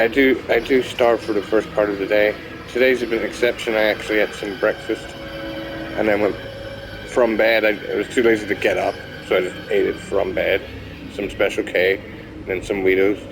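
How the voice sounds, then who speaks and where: A man's voice: lowish voice, flat delivery, fairly quick, low-quality recording. A young man giving casual, rambling commentary while playing a video game, swearing now and then. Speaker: gamer. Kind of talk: casual let's-play commentary. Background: game music.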